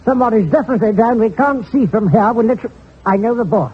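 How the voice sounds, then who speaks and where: A man's voice: sits high, lively intonation, fast, breathy edge. A man voicing a polite, genteel upper-class English boxing announcer with an English accent, on a tinny old recording. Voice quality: genteel, fussy. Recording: tinny old lo-fi audio with crowd.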